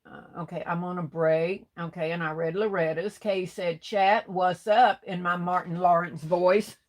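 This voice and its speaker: A woman's voice: lowish voice, steady tone, moderate pace. A middle-aged woman hosting a livestream, reading viewers' comments and greeting each by name as sweetheart and baby, saying y'all. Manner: Southern-style speech with y'all. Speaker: livestream host reading chat. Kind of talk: casual live-stream chat.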